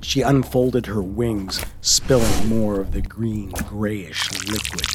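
Slow, low-voiced man reading horror. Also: fairly even intonation, background noise. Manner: slow and measured, often dropping to a hushed whisper. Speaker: narrator. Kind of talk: scripted horror story narration. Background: music.

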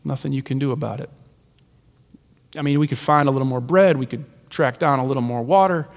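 A male pastor preaching a sermon with rhythmic repetition, swinging between soaring lines and hushed ones. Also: medium pitch, a little fast. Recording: long reverb of a large hall.

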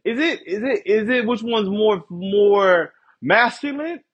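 A man's voice: sits high, takes it slowly, fairly bright tone, husky, highs cut off. A young man telling a rambling, profane story as a podcast host, laughing often and checking in with his listeners. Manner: rambling, profane, laughs often, keeps asking "you feel me". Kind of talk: casual storytelling monologue.

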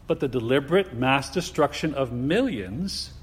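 A man preaching a sermon in a deliberate, emphatic way, asking his listeners rhetorical questions. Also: mid-range voice, expressive, slightly rough. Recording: long hall reverb.

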